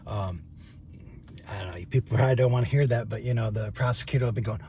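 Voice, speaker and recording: A man's voice: on the low side, fast, warm tone, slight background noise. An older man, a former trial attorney, talking casually to camera in a rambling, profane, chuckling way. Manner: rambling, chatty and profane, with frequent fillers and chuckles.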